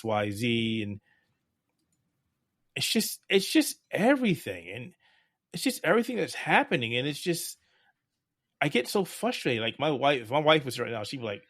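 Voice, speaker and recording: Guy on a podcast, mid pitch, dry close sound, gets fired up and loud when he rants. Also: no room sound. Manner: gets heated and loud about politics. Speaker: podcast guest. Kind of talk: casual podcast conversation.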